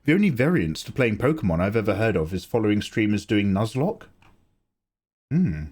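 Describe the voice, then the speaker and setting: A man's voice: fairly low pitch, normal speed, slightly rough. A young man casually chatting on an art livestream, theatrical and grumbling, with swearing. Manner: animated, theatrical complaining with swearing.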